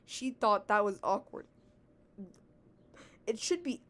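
A woman's voice: medium pitch, measured pace. A teenage girl reading her own fan story aloud, giggling and commenting on her own reading. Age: teens.

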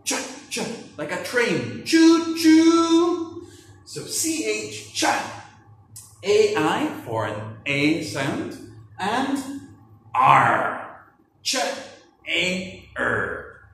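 A man teaching children English words, slowly enunciating and spelling letters out in a playful way, laughing and adding sound effects. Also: a little high, wildly swooping pitch, gravelly, pushed and bright. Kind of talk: children's vocabulary and spelling lesson. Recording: echoey room, distant mic.

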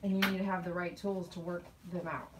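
A middle-aged woman and dog groomer chatting casually while she grooms, telling animated stories and laughing often. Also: on the low side, a little fast, far from the mic, background noise. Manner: chatty, animated storytelling with quoted voices.

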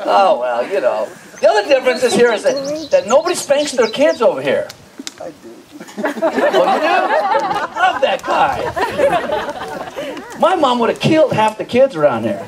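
High, lively man doing stand-up. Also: moderate pace, pauses often, poor audio. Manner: animated storytelling, acting out family voices, laughing at own jokes. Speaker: stand-up comedian. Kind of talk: stand-up comedy set. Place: comedy benefit show before a live audience. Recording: live show with crowd laughter. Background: audience laughter.

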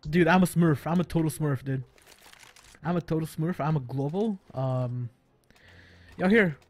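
A man commentating his own online shooter match, excitable and laughing, bantering with teammates as he plays. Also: fairly high pitch, unhurried. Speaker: gaming YouTuber. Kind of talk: casual gameplay commentary.

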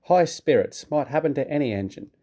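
A haughty, grumpy steam engine from a children's storybook, spluttering with indignation in a raised, mellow voice, as a man reads him out. Every word sounds offended and self-important. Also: fairly high pitch, expressive, fairly quick, husky, pitched above the performer's own voice. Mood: huffy. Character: pompous proud male steam engine, grumpy.

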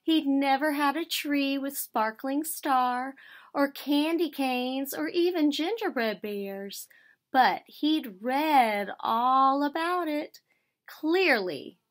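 Expressive woman reading a storybook. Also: sits high. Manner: warm, expressive storytelling, asks questions of children. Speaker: teacher reading to children. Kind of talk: picture book read-aloud.

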